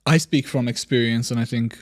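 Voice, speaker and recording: A man's voice: mid-range voice, steady tone, brisk, dry recording. Chill guy on a podcast, thoughtful, talks from experience, dry mic. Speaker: podcast guest. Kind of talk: casual podcast conversation.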